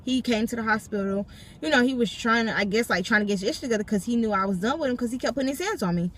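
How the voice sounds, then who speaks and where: A woman's voice: a little high, very fast. Young woman telling a story from her car. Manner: emphatic, keeps addressing viewers directly. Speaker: vlogger. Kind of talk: storytime vlog. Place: parked car.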